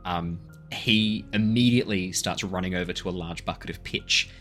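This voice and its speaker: A man's voice: low voice, normal speed, a bit bright, soft background music. A man narrating as game master of a tabletop game, chatty, often saying 'like' and laughing.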